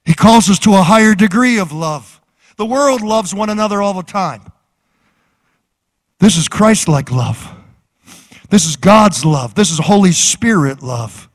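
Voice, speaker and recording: A man's voice: high voice, animated, unhurried, pauses often. A man preaching a sermon as pastor, fervent and rhythmic, with repeated phrases.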